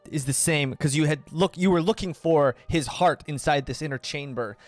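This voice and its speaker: A man narrating a tabletop game as game master, describing scenes in a measured way. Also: a little high, dry recording, faint music behind.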